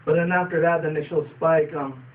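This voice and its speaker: A man's voice: fairly high pitch, fairly even intonation, brisk. A young man casually reviewing a cartoon episode, rambling with fillers and casual swearing. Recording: distant tinny phone-like sound, faint noise.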